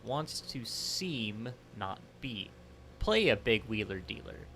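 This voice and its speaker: A man voicing a soft-spoken mysterious reflection. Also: on the low side, very animated, slight background noise, full character voice. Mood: confiding. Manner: measured, soft, confiding. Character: calm male conscience reflection, mysterious. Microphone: headset.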